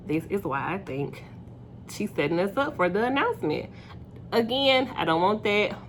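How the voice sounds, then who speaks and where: A woman's voice: on the low side, fairly bright tone, slight background noise. A young woman casually recapping a reality show episode, chatty and opinionated, with plenty of fillers.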